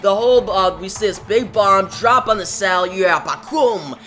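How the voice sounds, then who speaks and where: A man's voice: sits high, moderate pace, pushed and bright, faint music behind. A man casually recapping a comic book, retelling it with enthusiasm and sound effects.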